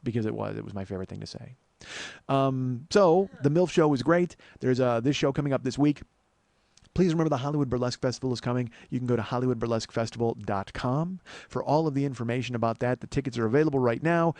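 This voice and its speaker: A man in his forties rattles through a comedy podcast monologue at a quick clip, his voice sitting in a middling register. He is crude and self-mocking, wandering off on tangents between plugs, and the sound is dry and close. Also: medium pitch, a little mellow, no room sound. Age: 40s. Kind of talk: casual rambling monologue.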